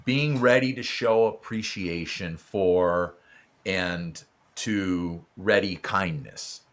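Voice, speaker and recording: A man's voice: low voice, slow, a bit bright. A man hosting a podcast interview, effusive and stammering, getting emotional and welling up. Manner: effusive, stammers with repeated words. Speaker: podcast host. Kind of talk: casual interview chat.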